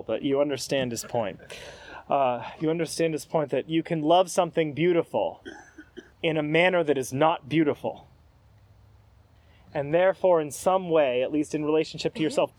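A man's voice: a little high, darkish tone, no room sound. A man preaching a sermon as pastor, conversational and hesitant with fillers.

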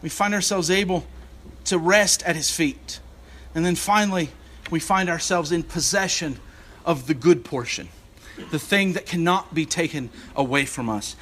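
Preaching as a church's assistant rector, this man speaks at a normal speed in a fairly high, slightly bright voice. His delivery is earnest and searching, full of restarts and fillers.

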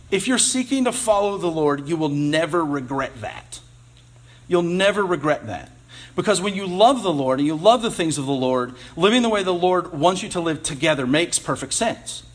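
A man in his thirties preaches from the pulpit with a slightly husky, somewhat high voice. He talks to the congregation earnestly and conversationally, often restarting phrases and dropping in wry asides. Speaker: pastor. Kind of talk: sermon.

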